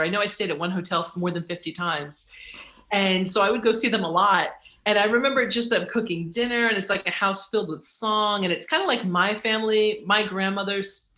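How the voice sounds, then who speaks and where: A woman's voice: medium pitch, fairly bright tone. A middle-aged woman, an author talking as an interview guest, who acts out quoted dialogue with sudden leaps in voice and laughs as she tells stories. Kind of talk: animated interview conversation. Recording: roomy echo.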